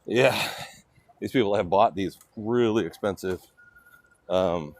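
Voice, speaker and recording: An older California man hosts a casual livestream as he walks city streets, rambling and chatting with viewers. His voice is fairly low and his pace slow, with no room sound.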